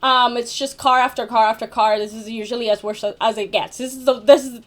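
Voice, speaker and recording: A woman's voice: fairly high pitch, steady tone, a little fast, fairly bright tone. A young woman telling a casual story about her job, full of fillers like "like" and "you know", with casual swearing. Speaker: vlogger.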